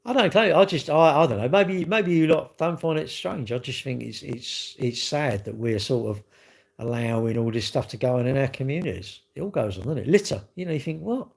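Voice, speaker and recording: A man rants to his viewers in a casual monologue. His voice sits at an ordinary middle pitch. He sounds exasperated and circles back over the same points. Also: lively intonation, brisk, gravelly. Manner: ranting, exasperated, repeats himself. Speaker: vlogger.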